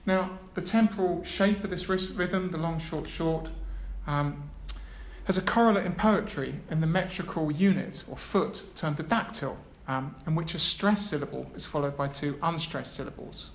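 A man with a fairly high-pitched voice gives an academic lecture at a normal speed. He reads prepared material, slipping in hesitant asides. It's recorded in an echoey lecture room with a little background noise.

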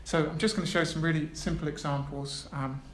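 The academic lecturer's voice is a little high and a bit bright, his intonation fairly even and his pace fairly quick. He reads a prepared text with hesitant asides. The lecture room is echoey, with faint background noise.

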